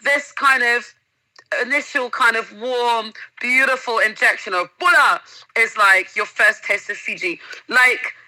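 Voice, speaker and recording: Woman, interview guest, enthusiastic storyteller, very bright tone. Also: fairly high pitch, steady tone, unhurried, no room sound, poor audio. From England. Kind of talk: casual interview chat.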